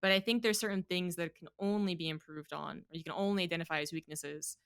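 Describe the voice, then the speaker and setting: A woman with a low-pitched but bright voice, recorded close and dry. She hosts a casual podcast and reflects on her guest's points with a loose, conversational manner. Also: fairly even intonation, fast talker, clear, resonant tone, no echo. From United States. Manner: reflective, conversational, trails with fillers. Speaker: podcast host.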